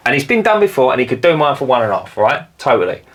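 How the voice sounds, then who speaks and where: Fast-talking animated man. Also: mid-range voice. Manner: animated storyteller, acts out customers in silly voices. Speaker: podcast co-host, cleaning business owner. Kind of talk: casual podcast chat.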